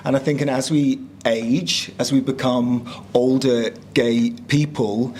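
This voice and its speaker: A man in his fifties with a northern English accent, an actor talking reflectively in an interview, pausing often with fillers. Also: mid-range voice, steady tone, darkish tone, a little hiss or hum. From northern England. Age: 50s. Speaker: actor guest. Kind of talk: casual interview chat.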